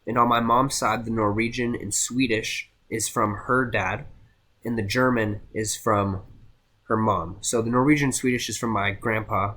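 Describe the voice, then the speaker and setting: A young man giving a casual class presentation, halting with many fillers and restarts. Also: lowish voice, fairly even intonation, pushed and bright. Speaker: student presenter.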